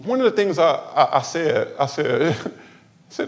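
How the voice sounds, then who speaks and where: A pastor from Los Angeles preaching in church, his somewhat high voice swinging widely up and down. He talks to the congregation in a loose, conversational way, mixing humor and side remarks into the sermon. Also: big pitch swings, moderate pace. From Los Angeles, USA.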